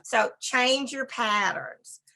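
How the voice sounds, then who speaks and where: Woman giving a talk on dogs, emphatic and chatty, kinda gravelly, sharp bright tone. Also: on the high side. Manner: brisk, emphatic, conversational; talks to a slide assistant. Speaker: dog behavior speaker. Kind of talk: presentation lecture.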